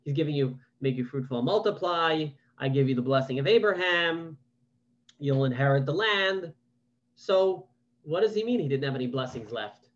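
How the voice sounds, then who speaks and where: A man's voice: on the high side, expressive, normal speed, highs cut off. Man teaching a casual online scripture class. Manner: conversational, reads verses then asks questions aloud. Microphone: video call.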